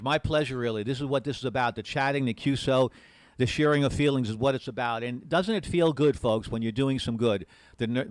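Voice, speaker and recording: A man's voice: mid-range voice, clean tone, dry recording. A man hosting a live-streamed amateur radio event from his desk mic, talking in an earnest, rambling way with many repeated words. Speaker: amateur radio special event station host. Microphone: desk mic with push to talk.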